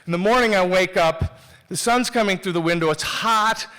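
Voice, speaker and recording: A man's voice: high voice, normal speed, pushed and bright, clear, resonant tone. A man telling a personal story live on a theater stage, candid and self-mocking, talking conversationally with restarts.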